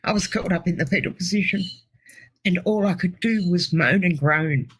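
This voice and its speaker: A middle-aged woman telling her personal testimony in an earnest, halting way as an interview guest. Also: lowish voice, slightly rough, poor audio.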